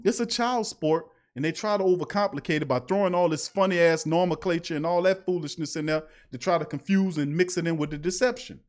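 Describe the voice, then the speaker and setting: Fired-up high-voiced man ranting on sports. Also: brisk, few pauses. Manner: fired-up, ranting, slangy and emphatic. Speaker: sports show host. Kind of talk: live-stream sports talk reading chat.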